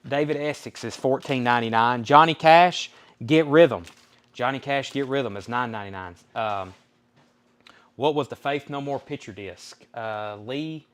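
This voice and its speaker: A man with a Southern US accent runs a live record sale. He reels off album titles and prices in an easygoing, folksy patter at a middle pitch. Between items he calls out the names of buyers. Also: clean tone. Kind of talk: live-stream sales patter.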